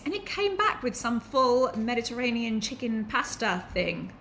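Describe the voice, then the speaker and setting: Chatty, bright-voiced woman teaching. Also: a little high, animated, moderate pace, slight background noise. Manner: chatty and enthusiastic, anecdotal asides. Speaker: online business educator. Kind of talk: direct-to-camera teaching.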